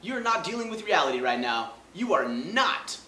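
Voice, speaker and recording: A man hosting a comedy show, riffing loudly on sports with mocking asides. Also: high-pitched, very animated, moderate pace, roomy sound. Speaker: host.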